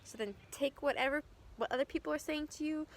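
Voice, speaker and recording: A woman's voice: high voice, a little fast, slight background noise. A young woman giving an earnest, chatty Bible lesson to children, with fillers and restarts. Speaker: children's ministry teacher.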